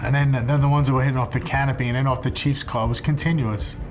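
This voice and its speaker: A man who is a firefighter recalls events in an interview, speaking reflectively and haltingly, with pauses and repeated words. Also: medium pitch, fairly even intonation. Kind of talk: interview testimony. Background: music.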